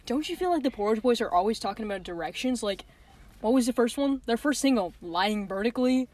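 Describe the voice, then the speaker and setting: A woman on a casual podcast, teasing and joking with her co-host. Her voice sits a little high. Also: expressive, a little fast, darkish tone. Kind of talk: casual chat.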